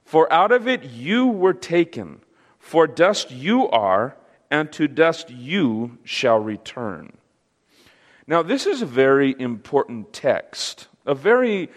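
A man preaching a sermon, teaching slowly and emphatically and asking the audience questions. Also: mid-range voice, in a large hall.

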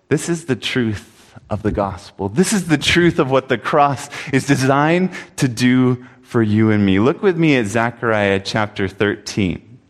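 A man's voice: medium pitch, lively intonation, a little slow. A man preaching a sermon, telling a story earnestly and reading scripture aloud. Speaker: pastor. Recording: long hall reverb.

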